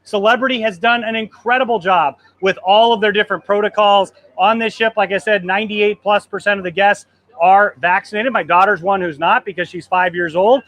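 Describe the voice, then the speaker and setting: Man, thirties, high voice, live vlog, excited, trembling, emotional, outdoors on a cruise ship. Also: brisk. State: trembling, choked up. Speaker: travel agency host.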